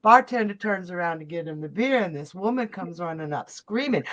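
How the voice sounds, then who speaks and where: A woman co-hosting a live show, telling a joke in an animated way. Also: lowish voice, a little fast, hardly any pauses.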